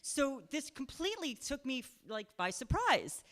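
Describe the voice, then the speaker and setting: A woman's voice: high-pitched, big pitch swings, moderate pace, a bit bright. Chatty woman telling a live story. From Pennsylvania. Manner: chatty, self-deprecating, laughing often, full of "like" and "um". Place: live show in a cultural center.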